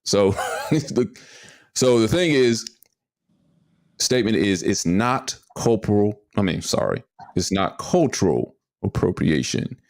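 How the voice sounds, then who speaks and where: Male podcast host, very deep, gravelly, drawling. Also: very animated, slow pace, a little mellow, no room sound, studio quality. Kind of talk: casual chat.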